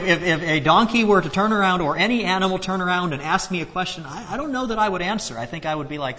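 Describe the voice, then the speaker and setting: A man's voice: medium pitch, a bit bright, in a large hall. A man giving a conversational, earnest Bible teaching, reading verses aloud and explaining them with frequent restarts.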